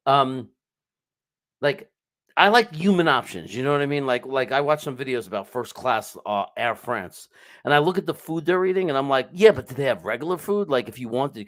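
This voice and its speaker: A man's voice: mid-range voice, a bit bright, no echo, studio quality. A man hosting a live stream, chatting casually and rambling as he greets viewers by name and swears now and then. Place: home setup with screens.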